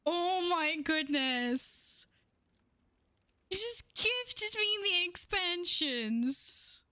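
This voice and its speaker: High, bright-voiced woman streamer. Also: very slow, no echo. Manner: excited, swearing, laughing often. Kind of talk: casual live-stream chat.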